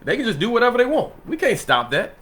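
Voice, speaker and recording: A man in a relaxed Bible study who teaches the scripture in a loose, conversational way, laughing often and checking in with his listeners. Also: very high-pitched, fast talker. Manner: loose and conversational, laughs often, asks "you know what I'm saying?".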